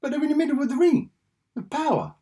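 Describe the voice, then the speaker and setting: A man's voice: extremely high pitch, fast, dark tone. A man giving a rambling, sarcastic spoken review, chuckling often as he retells scenes.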